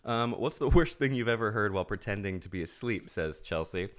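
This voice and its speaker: A man's voice: on the low side, expressive, a little fast. A man hosting a podcast in casual chat, reading listener questions with a tired early-morning voice, hesitant and full of ums. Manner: hesitant, lots of ums, dry teasing.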